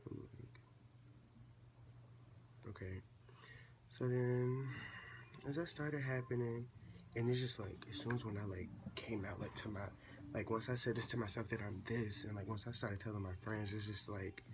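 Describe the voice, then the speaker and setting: A seventeen-year-old young man, a vlogger telling a casual storytime at home and acting out quoted dialogue in a chatty, animated way. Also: lowish voice, moderate pace, pauses often, noisy background. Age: late teens.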